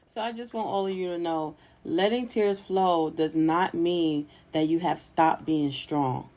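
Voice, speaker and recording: A woman's voice: lowish voice, a little slow, a little mellow. A woman hosting her own solo podcast, talking in a chatty, encouraging way and laughing easily. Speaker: podcast host.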